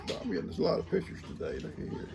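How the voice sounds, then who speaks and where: Loud music plays behind this older man as he talks very fast. A grandfather vlogger on a farm, he reads viewer mail outdoors in casual, folksy, rambling chat and interrupts himself to talk to his grandkids.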